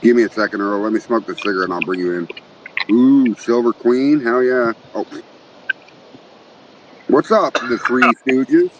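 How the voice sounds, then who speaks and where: A man's voice: medium pitch, moderate pace, long pauses. A man hosting a casual livestream chat, joking and cursing as he reads out names from the chat. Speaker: podcast host. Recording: muffled with clear background noise.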